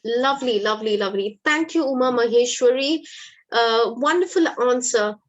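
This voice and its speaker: A woman's voice: fairly high pitch, moderate pace, dull audio. A woman, teaching an online lesson in a patient, encouraging way. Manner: encouraging, patient classroom explaining. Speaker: English teacher. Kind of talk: live online English lesson.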